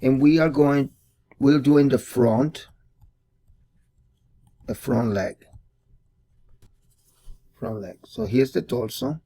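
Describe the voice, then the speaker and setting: A man's voice: mid-range voice, slow, pauses often, dark tone. A man hosting a casual drawing tutorial, thinking aloud and repeating words as he sketches. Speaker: art tutorial host.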